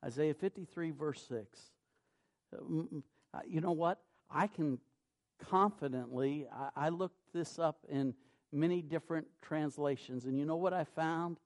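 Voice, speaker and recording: A man preaching a sermon, reading scripture in a measured cadence and rising to loud, emphatic peaks. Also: a little high.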